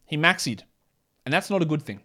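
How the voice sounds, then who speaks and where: Brisk and animated, with a slightly high, sharp-toned voice, this solo fantasy basketball podcaster gets sarcastic and blunt, swearing offhandedly while covering stats and doing an ad read.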